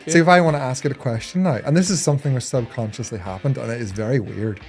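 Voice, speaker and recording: A man's voice: mid-range voice, quick pace, soft background music. A man from Northern Ireland with a Northern Irish accent, a dairy farmer talking as a podcast guest in an earnest, reflective way. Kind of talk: casual interview chat.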